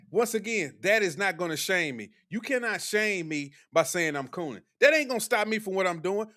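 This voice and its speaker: Young man, live-stream commentary, blunt and combative, lively rising and falling pitch, fairly high voice. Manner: blunt, combative, preachy slang-heavy delivery. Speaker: livestream commentator.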